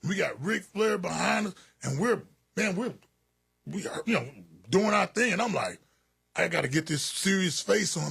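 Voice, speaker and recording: A man's voice: high voice, expressive, moderate pace, gravelly, fairly bright tone, breathy edge. A man telling a story in a radio studio, laughing and quoting others in put-on voices. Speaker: guest, former football player.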